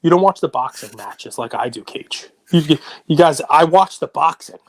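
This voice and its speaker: A man co-hosting a sports card podcast in casual, animated chat that rambles on in long runs. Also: on the high side, moderate pace, dry recording. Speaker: podcast co-host.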